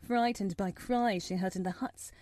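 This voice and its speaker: A woman reading a story aloud as an audiobook narrator, measured and expressive. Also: mid-range voice, no echo.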